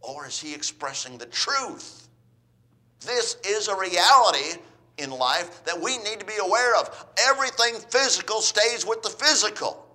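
A man preaching a sermon, swinging between loud emphatic lines and quiet ones, asking his listeners rhetorical questions. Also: high voice, expressive, unhurried. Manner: asks the audience rhetorical questions.

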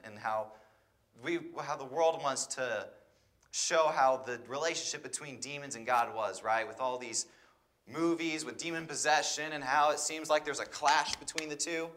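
A man's voice: on the high side, a bit bright. A man preaching a sermon, reading scripture aloud and then explaining it with rhetorical questions to his listeners.

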